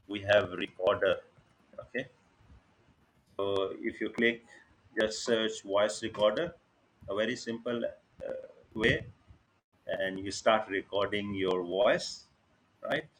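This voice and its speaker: A man's voice: on the low side, slight background noise. A man running an online workshop, talking casually with many fillers and often checking that listeners follow. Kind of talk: casual live teaching over screen share. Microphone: video call.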